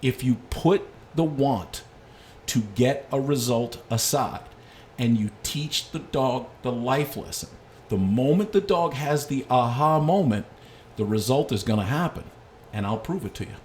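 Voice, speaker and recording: A middle-aged man, a dog trainer, giving a casual lesson and telling lively stories from his own life. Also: mid-range voice, unhurried, a little hiss or hum. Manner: storytelling with lively anecdotes. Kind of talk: casual instructional talk.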